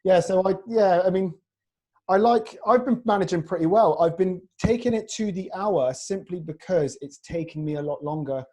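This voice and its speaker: A man's voice: high-pitched, moderate pace, mellow. A man chatting casually on a video call podcast, telling stories with plenty of laughs. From Iraq. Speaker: podcast host and fitness coach. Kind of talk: casual chat.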